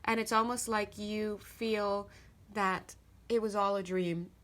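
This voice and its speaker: A woman's voice: mid-range voice, fairly even intonation, slow pace, fairly bright tone. Chatty woman giving a tarot reading. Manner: chatty, laughs often, rambling asides. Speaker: tarot reader. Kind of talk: casual spoken tarot reading.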